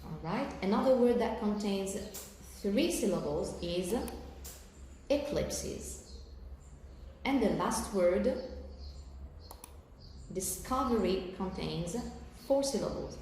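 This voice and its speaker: Algerian-accented woman teacher, mid pitch, patient lesson delivery, faint hiss behind. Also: expressive, dark tone. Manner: slow, careful explanations with fillers and check-in "okay?". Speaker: English teacher. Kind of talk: recorded televised lesson. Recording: very echoey room with faint background noise.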